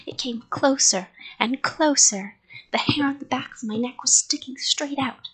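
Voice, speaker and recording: A woman reading a spooky storybook aloud, hushed and often slipping into whispers, pausing to ask her listeners whether to go on. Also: high voice, husky, poor audio. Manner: chats with listeners between parts.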